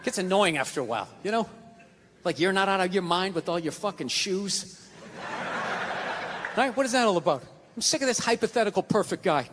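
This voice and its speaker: A man's voice: extremely high pitch, expressive, brisk, background noise. A middle-aged man doing a stand-up comedy set, ranting in an exasperated, swearing way on stage. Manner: loud, exasperated rants, swearing. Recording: live hall with long reverb. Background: audience laughter.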